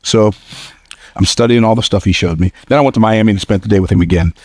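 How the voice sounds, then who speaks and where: Lively man giving a motivational speech. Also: fast talker, dry recording, studio quality. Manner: storytelling, energetic, slips into a high squeaky voice for quotes; plain-spoken and joking, repeats phrases for emphasis. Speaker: motivational speaker. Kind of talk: motivational speech to a live audience.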